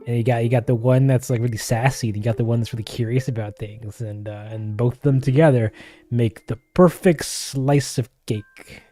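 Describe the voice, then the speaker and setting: A man's voice: medium pitch, fairly even intonation, moderate pace, warm tone. A man chatting casually and playfully while drawing live on stream, often laughing.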